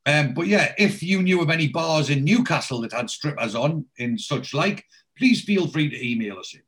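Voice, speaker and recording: A man's voice: fairly high pitch, normal speed. A man from England, co-hosting a podcast in casual chat and animatedly retelling TV scenes, swearing freely. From South Shields, northeast England. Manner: animated storyteller who acts out lines, with frequent swearing. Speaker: podcast co-host. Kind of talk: casual chat recapping a TV episode.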